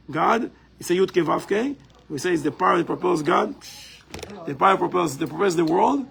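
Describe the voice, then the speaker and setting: A man's voice: high voice, gravelly, fairly bright tone, rough recording. A man teaching a live class in a community center, explaining step by step and often checking in with "right?".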